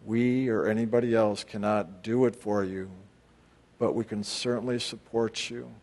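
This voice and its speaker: A man with a rather low, darkish voice speaks at normal speed with fairly even intonation, giving a group talk at a spiritual retreat he leads. Blunt in manner, he hurls rhetorical questions at listeners and breaks into abrupt emphatic bursts.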